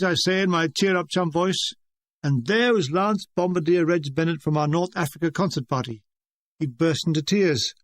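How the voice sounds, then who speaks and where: An older man reads his own memoir in a high, lively voice, tossing off jokes with a wry, deadpan touch. The sound is dry and close, with no room around it. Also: normal speed, no room sound. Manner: wry, deadpan comic delivery. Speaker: author reading his memoir. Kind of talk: audiobook narration.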